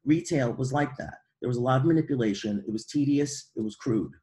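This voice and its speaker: Middle-aged man, from Brooklyn, reading his memoir, wry and precise, mid-pitched voice. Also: warm tone. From Brooklyn, New York. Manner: measured, wry, precise delivery.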